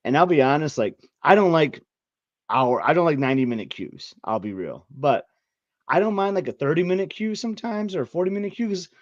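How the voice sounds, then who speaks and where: A man's voice: a little high, expressive, brisk, no room sound. A man co-hosting a podcast in easygoing casual chat, full of "like" fillers. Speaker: podcast co-host. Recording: dull lo-fi mic.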